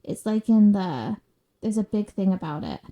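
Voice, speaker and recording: A woman's voice: mid-range voice, lively intonation, moderate pace, mellow. A woman co-hosting a podcast in casual, giggly chat that rambles a little. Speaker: podcast co-host.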